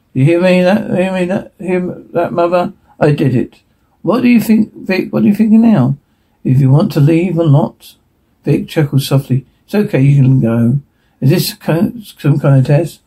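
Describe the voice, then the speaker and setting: A man reading a TV episode transcript aloud in a hurried way, stumbling and restarting words now and then. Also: fairly high pitch, dark tone, breathy edge, low-quality recording. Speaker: reader.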